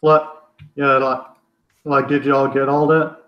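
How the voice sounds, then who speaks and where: A man talking haltingly in a casual chat with friends, with many fillers and restarts. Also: mid-range voice, level tone. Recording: roomy, dull lo-fi sound.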